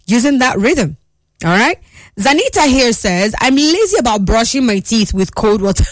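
A woman's voice: fairly high pitch, no room sound. Playful female radio host, dry studio sound. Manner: playful, laughs often, animated exclamations. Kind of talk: lively radio chat reading listener messages.

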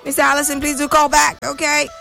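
Teasing her callers with bubbly playfulness, this morning radio phone-in host sometimes slides into a sing-song lilt. Her high, bright voice is monotone, fast, gravelly and forceful, set against soft background music.

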